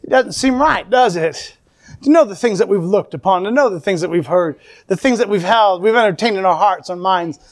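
A man's voice: high voice, fairly quick. A man preaching a fervent sermon to a congregation, calling out amen and praise the Lord.

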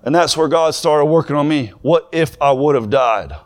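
A young man preaching a sermon, moving from plain talk to fervent, shouted preaching. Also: a little high, moderate pace.

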